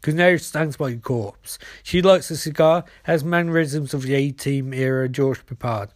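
A man's voice: medium pitch, normal speed, no room sound, clean studio sound. Man reading a screenplay aloud. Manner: reads stage directions aloud, frequent slips. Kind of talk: screenplay read-through.

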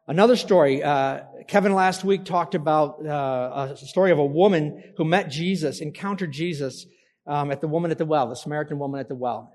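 Male pastor preaching, kinda high voice, pulls the crowd in with questions, big church reverb. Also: darkish tone. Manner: interactive, asks congregation to call out answers. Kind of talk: sermon. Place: church hall. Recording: long church hall reverb.

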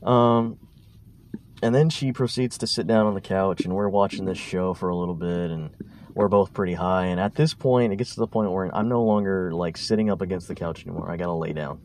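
A man's voice: low-pitched, a little fast, a little mellow, slight background noise. A man hosting a podcast, telling a story casually and rambling, with stutters and restarts. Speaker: podcast host.

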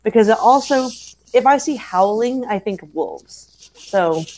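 A woman's voice: fairly high pitch, lively intonation, unhurried, darkish tone, poor audio. A woman co-hosting a book-club podcast, casually talking through her reading of a scene with frequent "like"s and "kind of"s. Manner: thoughtful, rambling analysis with many "like"s and "kind of"s.

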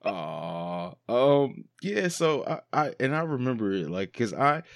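A man's voice: medium pitch, sing-song, unhurried, no room sound, clean studio sound. A man hosting a podcast, recounting how the show began in an earnest, casual way. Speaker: podcast host.

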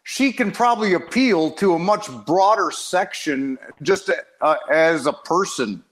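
A man with a Chicago accent hosts a casual chat in a slightly raised voice. He talks in a direct, matter-of-fact way, without softening his tone. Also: high voice, unhurried. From South Side of Chicago, USA. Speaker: podcast host.

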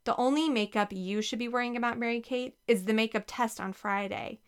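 A woman's voice: fairly high pitch, brisk, smooth, close to an everyday voice. A woman doing a firm, pleasant dad. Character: firm but pleasant middle-aged father.

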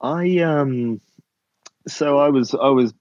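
This dry, lo-fi recording captures a mid-range, darkish male voice with a Cornish English accent, from a man in his thirties from Cornwall, England. As a podcast guest in casual conversation, he frequently breaks off and restarts his sentences, halting and chuckling throughout.

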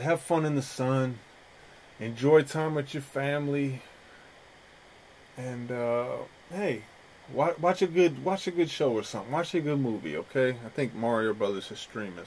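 A man hosting a podcast in a casual, joking, profane way. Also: medium pitch. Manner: laid-back, profane, joking. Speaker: podcast host.

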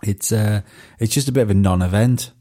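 A man in his late thirties with a soft Manx accent, slightly Scouse, chatting casually as a podcast co-host, hesitant and self-deprecating with many restarts. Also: fairly low pitch, a little fast. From Isle of Man. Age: 30s. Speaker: podcast co-host and stand-up comic. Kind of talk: casual chat.

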